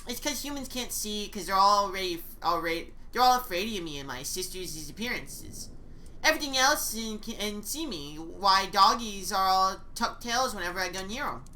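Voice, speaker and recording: Voiced by a woman, a small shadow monster girl talks in a halting, childish way. Her voice swings up and down and sounds bright and clear. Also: medium pitch, lively intonation, low-quality recording. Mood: innocent.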